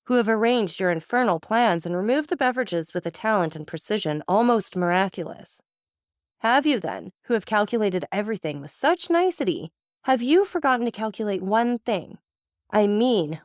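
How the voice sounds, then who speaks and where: A woman's voice: on the low side, normal speed, few pauses, darkish tone, no echo, studio quality, close to an everyday voice. A woman voicing a stern, cold-blooded male magistrate who speaks with contempt and accusation. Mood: accusing.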